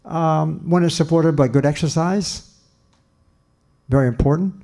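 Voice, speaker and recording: A man's voice: on the high side, creaky, dark tone. Older man lecturing earnestly. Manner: earnest, emphatic, repeats phrases with pauses and restarts. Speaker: lecturer, nutrition scientist. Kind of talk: public lecture.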